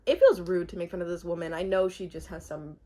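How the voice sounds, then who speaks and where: In a quick-paced, lowish voice, a TV recap vlogger chats casually through a reality show, breaking into frequent laughs. Her manner is giggly and expressive throughout.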